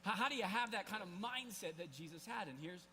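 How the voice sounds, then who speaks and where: A male pastor in his forties preaches live to a congregation during a church service, telling a personal story in a loose, conversational way packed with restarts and asides. His voice is high-pitched, animated, pushed, and bright, and he talks fast over slight background noise.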